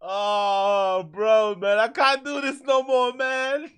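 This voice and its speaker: Bright, high-voiced man hosting a reaction show. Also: clear, resonant tone, dry recording. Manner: laughs hard and swears freely. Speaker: host. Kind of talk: casual reaction commentary.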